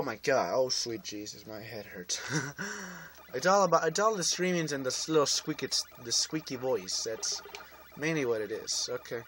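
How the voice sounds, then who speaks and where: A man's voice: mid-range voice, animated, unhurried, fairly bright tone. A man hosting a let's-play video, rambling and joking to his viewers as he plays. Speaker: gaming video host. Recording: noisy home recording.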